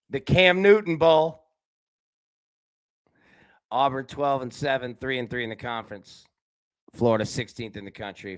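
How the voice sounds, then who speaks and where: A man hosting a live sports betting talk show, chatting casually and addressing viewers by name, swinging between loud excited bursts and quiet low asides. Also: no echo. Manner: talks directly to chat viewers by name. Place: indoor room with a window.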